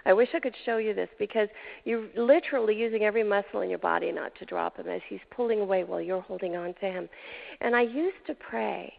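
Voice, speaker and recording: An older woman hosting a show, telling a personal story with emotion, dramatic pauses and hushed moments. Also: mid-range voice, gravelly. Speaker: show host. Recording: tinny phone-like sound.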